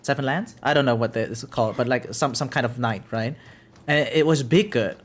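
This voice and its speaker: A man's voice: medium pitch, fairly quick. A German man speaking English with a German accent, chatting casually with viewers while playing a game on stream. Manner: rambling, chatty, frequent "right?" tags. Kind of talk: casual live-stream chat while gaming.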